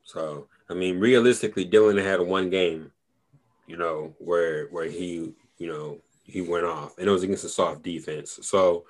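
A man's voice: deep voice, fairly even intonation, measured pace. A man co-hosting a casual podcast chat, talking in a laid-back, rambling way full of fillers. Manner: laid-back, rambling, lots of "you know". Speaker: podcast co-host. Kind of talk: casual fantasy football chat.

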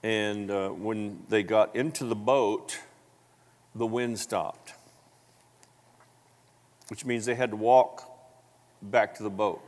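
A man preaching a sermon, telling the story with animated acted-out voices and big jumps in pitch, coughing now and then. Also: takes it slowly, long pauses. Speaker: pastor. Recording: long hall reverb.

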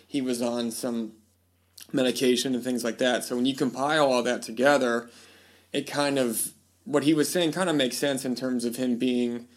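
A male podcast host at an average pitch, talking in a loose, rambling way. He restarts sentences often and slips into voices when he quotes people. It is an easygoing, casual conversation. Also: steady tone, moderate pace. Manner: rambling storyteller, many fillers and restarts. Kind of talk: casual chat.

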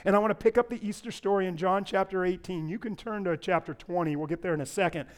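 A man preaching a sermon as pastor, rising to loud impassioned lines and dropping low, with playful asides to the congregation. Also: fast talker.

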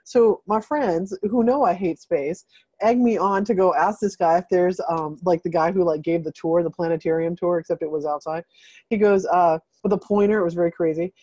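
Rambling woman with a dark voice. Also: fairly low pitch, moderate pace, no room sound, dull audio. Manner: rambling, filler-heavy, animated retelling. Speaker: host of a group video call. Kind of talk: casual storytelling chat.

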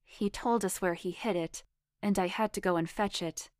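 A woman reading a first-person erotic story aloud in a measured, intimate storytelling manner. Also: medium pitch, steady tone, no echo, studio quality. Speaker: story reader.

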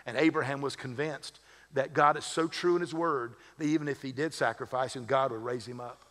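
A man's voice: mid-range voice, steady tone, a little fast, fairly bright tone. A man serving as lead pastor, preaching a sermon in a conversational way with humorous asides. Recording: long hall reverb.

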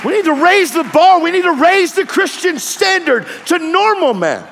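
A man preaching a fiery sermon, shouting and telling stories with acted-out quotes, in a large hall with an audience. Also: very high-pitched, big pitch swings, normal speed, creaky, some chatter behind, slight background noise.

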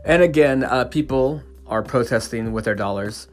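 A man's voice: mid-range voice, normal speed, faint music behind. A man ranting casually as a podcast host, swearing and stumbling over restarts and fillers. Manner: profane, stammering restarts and fillers. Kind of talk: casual opinion rant.

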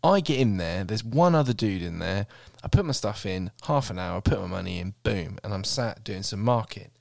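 Man, podcast co-host, sweary, mock-exasperated, very expressive pitch. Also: moderate pace, gravelly, dry recording, clean studio sound. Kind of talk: casual comedic storytelling.

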